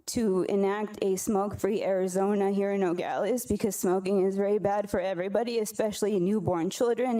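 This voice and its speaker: Tearful woman with a mellow voice. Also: mid-range voice. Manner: earnest, halting, apologetic. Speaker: public commenter. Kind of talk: public comment at a council meeting. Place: council chamber. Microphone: podium microphone.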